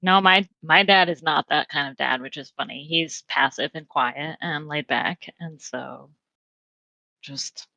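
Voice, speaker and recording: Bright-voiced thoughtful woman guest. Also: low-pitched, vocal fry, no room sound, highs cut off. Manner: thoughtful, agreeable, halting. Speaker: podcast guest. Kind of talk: casual chat.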